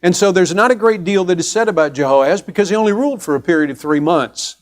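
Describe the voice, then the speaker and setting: Man teaching a Bible class, slightly high. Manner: conversational, explains step by step with pauses and restarts; asks the class questions. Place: church classroom.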